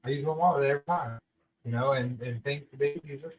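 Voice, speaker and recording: A man co-hosting a podcast, speaking in a halting, rambling way with many fillers. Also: mid-range voice, very noisy. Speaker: podcast co-host. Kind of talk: casual podcast chat.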